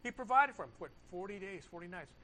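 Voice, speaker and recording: A man preaching a sermon, swinging between loud emphasis and hushed asides, repeating key phrases and asking rhetorical questions. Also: high voice, animated, quick pace, poor audio. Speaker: pastor.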